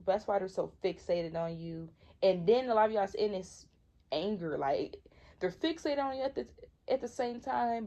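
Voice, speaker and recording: Speaking at a medium pitch with a darkish tone, a young woman in her twenties from Michigan does a casual tarot reading. She leans on slang and repetition to stress her points, and the recording's highs are cut off.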